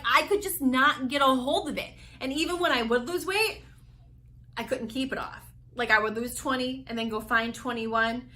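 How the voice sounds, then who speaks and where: High, bright-voiced woman coach. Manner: energetic, candid, talks with lots of "like" and restarts. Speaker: weight loss coach. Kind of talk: motivational vlog talk.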